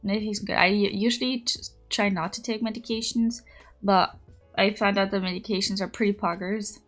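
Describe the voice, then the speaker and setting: A young woman streaming, chatting casually and rambling through a story, with high squeals when she greets viewers. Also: level tone, brisk, soft background music. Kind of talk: casual chat.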